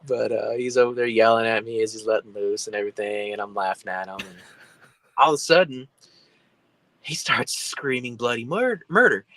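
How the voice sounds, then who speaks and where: A man telling a story as a guest in a casual, animated way. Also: medium pitch, normal speed, poor audio.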